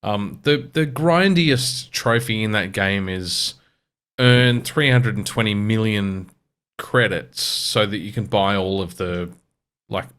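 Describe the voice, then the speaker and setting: A man's voice: lowish voice, a bit bright. An Australian man co-hosting a podcast, explaining a game at length in casual chat, with restarts. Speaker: podcast co-host.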